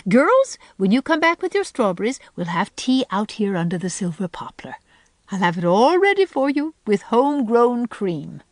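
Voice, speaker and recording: A woman reads aloud as a dreamy older spinster from a storybook, wistful and lilting. She lifts her voice well above her own and breaks into sudden bright bursts. It sounds close and dry. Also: medium pitch, expressive, moderate pace, no echo, lightly acted. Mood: delighted.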